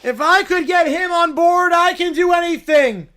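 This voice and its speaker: A man voicing an excitable little male bear with shrill, wildly enthusiastic proclamations. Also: normal speed. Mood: zealous.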